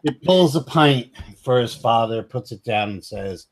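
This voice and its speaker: A man's voice: mid-range voice, expressive, a little slow. A man narrating a tabletop game as game master, laid-back and rambling.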